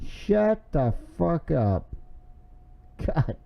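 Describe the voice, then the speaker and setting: A man's voice: fairly high pitch, very animated. A man heckling with crude, taunting insults. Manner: crude, taunting, drawn-out mocking. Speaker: heckling friend. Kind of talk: mocking heckles. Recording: dull lo-fi sound.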